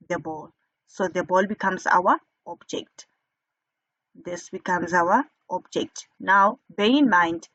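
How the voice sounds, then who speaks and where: A woman teaching a grammar lesson, slow and deliberate, who asks questions and then answers them herself. Her voice sits at a middle pitch. The recording is dry and a little dull and lo-fi. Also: no echo. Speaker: English teacher.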